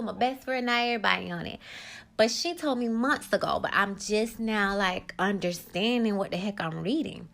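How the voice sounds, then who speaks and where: A woman's voice: mid-range voice, fairly bright tone. Candid woman hosting a solo podcast. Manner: candid, emphatic, rambling. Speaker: podcast host.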